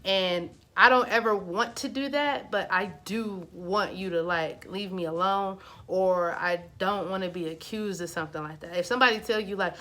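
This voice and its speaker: A woman vlogger telling a personal story in a casual, animated, chatty way. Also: medium pitch, moderate pace, hardly any pauses.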